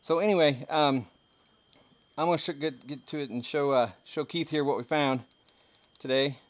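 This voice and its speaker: A man's voice: on the high side, normal speed, lo-fi sound. A man in his thirties chatting casually as he shows his metal detecting finds, rambling and joking with frequent laughs. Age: 30s. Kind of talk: casual chat showing finds.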